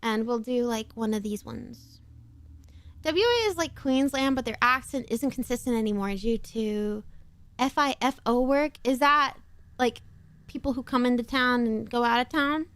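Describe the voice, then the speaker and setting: A woman chatting casually while playing a game on stream, rambling through quick asides and laughing often. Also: fairly high pitch, a bit bright, dry recording. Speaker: VTuber streamer. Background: faint background music.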